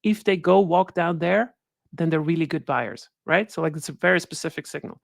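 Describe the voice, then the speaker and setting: Her deep, creaky voice moves briskly through a webinar presentation, where she appears as a guest speaker. She talks conversationally, frequently adding "right?" to draw listeners in, and the recording is dry and studio-grade.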